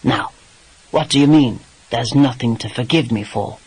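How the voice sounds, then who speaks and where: A man voicing a gruff, exasperated English lord and former pirate, with a dry and teasing English manner in an audiobook. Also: medium pitch, moderate pace, darkish tone, voice pushed down, rough recording. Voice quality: dry, exasperated, swears mildly.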